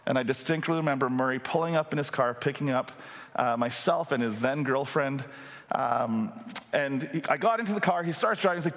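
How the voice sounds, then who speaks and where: A man in his forties preaching, telling a funny story in an animated, self-mocking way with many fillers. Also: medium pitch, brisk, in a large hall. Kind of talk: storytelling sermon.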